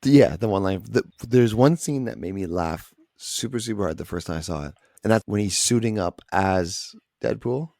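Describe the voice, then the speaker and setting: A man's voice: lowish voice, moderate pace, vocal fry, hardly any pauses, a little mellow, no room sound, clean studio sound. A man co-hosting a podcast, chatting in a laid-back, rambling way about a film and laughing easily. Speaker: podcast co-host. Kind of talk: casual film review chat.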